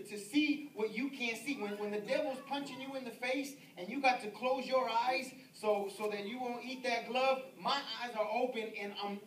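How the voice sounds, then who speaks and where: A man's voice: very high-pitched, fairly bright tone. A man pastor preaching a sermon with an emphatic, repetitive cadence. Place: church sanctuary. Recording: roomy, distant mic with faint noise.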